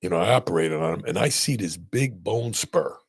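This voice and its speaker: Brief: male surgeon host, very deep gravelly voice, chatty storyteller. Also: fairly quick. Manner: animated storyteller, many restarts and "right?" checks. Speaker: spine surgeon and podcast host. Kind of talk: casual podcast conversation.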